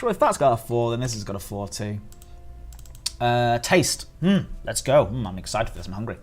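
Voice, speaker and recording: A man's voice: mid-range voice, very animated, normal speed. A man streaming live and reviewing biscuits in casual chat. He is giddy and laughs often between words.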